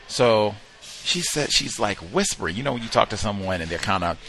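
A male talk show host telling a story in an emphatic, conversational way with drawn-out pauses. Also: fairly low pitch, lively intonation, pushed and bright, slight background noise. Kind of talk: storytelling commentary.

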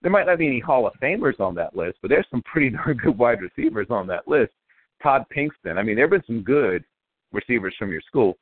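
A man's voice: mid-range voice, very animated, brisk, dry recording. A male radio host interviewing football prospects, asking long, winding questions that restart often. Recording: phone-line call.

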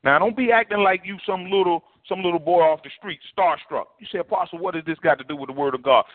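A man's voice: high voice, fast talker, few pauses, no echo. A man preaching a sermon, telling a story in a loose, conversational way and acting out the people in it. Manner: conversational, animated storytelling with acted quotes. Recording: dry, tinny phone-like sound.

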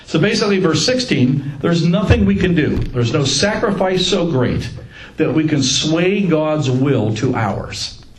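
A man leads a casual Bible study, joking with his group. His voice sits a little high and swings widely in pitch. The room is echoey, with a faint hum of ambience behind him. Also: unhurried. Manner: joking, animated, laughs at own lines.

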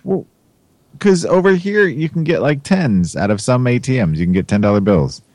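A man's voice: medium pitch, animated, moderate pace, a little mellow, no echo. A man hosting a podcast, chatting in a playful, teasing way and asking lots of questions. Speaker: podcast host. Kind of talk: casual comedic podcast chat.

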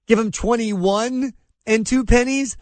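Sarcastic high-voiced talk radio host. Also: male voice, slow, no echo. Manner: animated, sarcastic storytelling with mocking voices.

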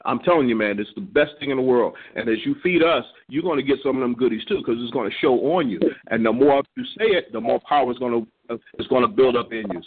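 Older man exhorting over a phone line. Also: mid-range voice. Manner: exhorting, repeats words while searching. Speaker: elder leading a ministry prayer call. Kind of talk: encouraging church talk.

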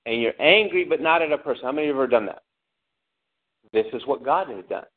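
A man preaching a sermon with lively delivery, asking the congregation questions and acting out angry cries. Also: medium pitch, quick pace. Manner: animated preaching, calls out to the congregation, acts out angry shouts. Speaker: pastor. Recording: tinny phone-like lo-fi sound.

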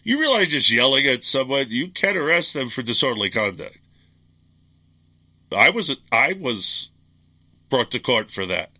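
Angry, bright-voiced talk radio man. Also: medium pitch, big pitch swings, measured pace, pauses often. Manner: angry ranting, blunt and combative. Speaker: radio show host. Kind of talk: political talk radio monologue.

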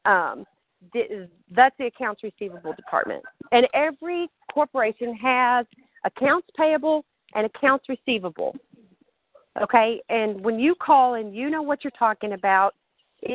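A woman with a Southern accent leads a group phone call, chatty and quick to laugh as she acts out the conversations she describes. Her voice sits a little high. She comes through a dry, tinny phone line. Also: expressive, dry recording. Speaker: call host.

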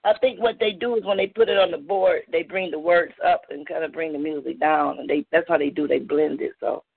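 A woman's voice: low-pitched, fairly even intonation, fairly quick, gravelly, slightly rough, dry recording. A woman poet at an open mic chatting on a call in a laid-back, slangy way and laughing easily. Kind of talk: casual chat on a call. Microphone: phone. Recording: tinny phone line.

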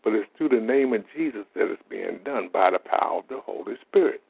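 A man's voice: on the low side, expressive, a little fast, vocal fry, husky. A man, telling faith-healing stories in a plain-spoken, folksy way as a lay minister. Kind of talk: informal testimony monologue. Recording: tinny phone-like audio.

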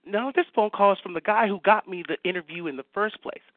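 A man guest on a radio talk show, telling anecdotes with excitement and acting out the dialogue. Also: sits high, fast talker, no room sound. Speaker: guest writer. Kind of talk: animated storytelling in a radio chat. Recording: dry, phone-like line.

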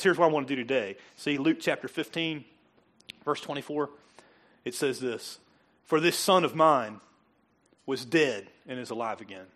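Pastor guy giving a sermon in church, fairly high voice, goes quiet then gets loud, laughs a lot. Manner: swings from soft and intimate to loud emphatic peaks, laughs often. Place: church sanctuary.

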